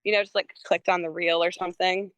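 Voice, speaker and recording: A woman's voice: lowish voice, flat delivery, fast, a bit bright, no echo, dull audio. A young woman musician, a guest on a podcast, chatting casually and rambling with lots of "like" and frequent laughter. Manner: rambling, heavy use of "like", laughs often.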